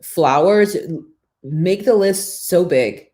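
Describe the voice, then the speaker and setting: Low-voiced middle-aged lady hosting a live morning show, chatty storyteller, reads out viewer comments. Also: lively intonation, takes it slowly, warm tone. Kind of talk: casual live-stream chat.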